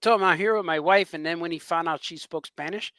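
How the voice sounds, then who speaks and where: A man, a cartoonist co-hosting a podcast, chatting casually and telling rambling, excitable stories, often laughing as he talks. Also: a little high, fast, no echo. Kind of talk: casual chat, storytelling.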